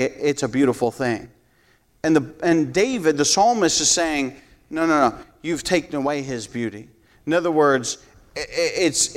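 A man preaching a sermon as pastor, earnest, often restarting his words and paraphrasing scripture in a conversational tone. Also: a little high.

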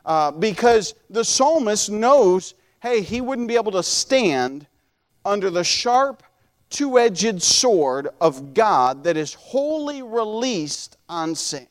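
A male pastor preaching a sermon in an earnest, conversational way, slowing down and lifting his voice when he quotes scripture. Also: sits high. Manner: slows and lifts voice when quoting scripture.

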